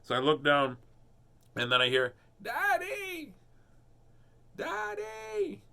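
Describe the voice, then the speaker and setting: A middle-aged man casually telling a personal story and then reading a picture book aloud, animated and chuckling often. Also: mid-range voice, normal speed, smooth. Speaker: host reading children's books.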